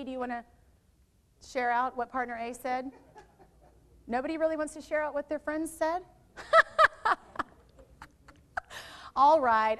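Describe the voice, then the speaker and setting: A woman presenting a literacy workshop to teachers, lively and quizzing her live audience with questions. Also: high voice. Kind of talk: interactive teacher training workshop. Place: training room with live audience.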